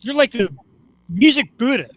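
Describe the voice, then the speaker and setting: A man hosts a live show in a bright, high voice, upbeat and joking as he chats with a guest over a video call. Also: lively intonation, normal speed, poor audio. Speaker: host. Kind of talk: casual talk-show chat.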